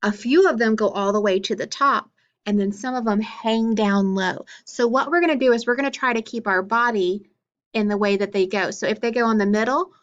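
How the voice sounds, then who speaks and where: A woman's voice: a little high, fairly bright tone. A woman teaching a phonics lesson to young children, drawing out letters and syllables in a patient teacher voice. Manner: slow, drawn-out teacher talk, exaggerated syllables. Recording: dull lo-fi sound.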